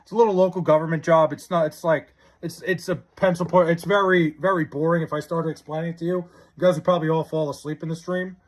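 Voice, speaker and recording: A young man live-streaming, chatting casually and reading out viewer comments, excitable and stammering with frequent restarts. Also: a little high, quick pace.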